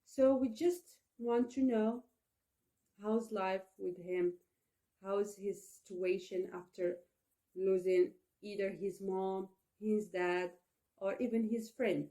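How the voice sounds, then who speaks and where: A young woman with Arabic as her first language, teaching an English lesson slowly and deliberately, often checking in with "okay?". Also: mid-range voice, steady tone, dark tone. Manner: slow, deliberate delivery with frequent "okay?" checks.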